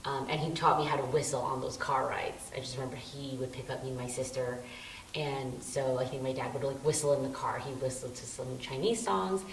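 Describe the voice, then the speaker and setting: A woman recalling a memory in a quick, chatty way, imitating voices as she tells it. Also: a bass voice, fairly even intonation. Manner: quick and chatty, mimics voices in her story. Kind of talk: personal recollection. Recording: roomy, distant, faint hiss.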